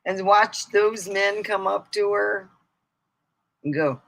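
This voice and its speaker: A middle-aged woman chatting casually on a live stream, rambling through funny stories and laughing loudly at her own punchlines. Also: mid-range voice, measured pace, vocal fry, long pauses, poor audio. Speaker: comedy streamer.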